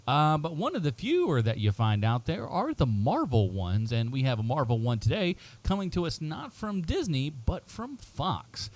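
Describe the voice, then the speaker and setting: A man's voice: on the high side, sing-song, normal speed, hardly any pauses, a little mellow. A middle-aged man hosting a casual podcast, rambling with many fillers and frequent laughter. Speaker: podcast host.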